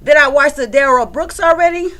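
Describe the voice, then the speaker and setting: A woman's voice: high-pitched, brisk, bright, forceful tone. A woman hosting a casual livestream from home, chatting loosely and greeting her viewers by name. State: a bit out of breath. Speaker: livestream host.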